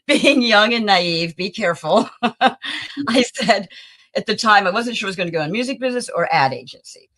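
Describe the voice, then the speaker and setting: A woman in her sixties, a talent agency founder, telling lively stories from her career as an interview guest. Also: on the low side, fairly quick. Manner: animated storyteller who acts out the people in her stories. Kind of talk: anecdotal interview storytelling.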